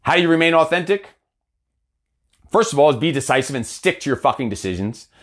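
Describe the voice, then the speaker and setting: A man's voice: on the high side, lively intonation, a little fast, fairly bright tone. A man giving a blunt, heavily cursing motivational talk as an accountability coach. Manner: blunt, heavy cursing, fired-up.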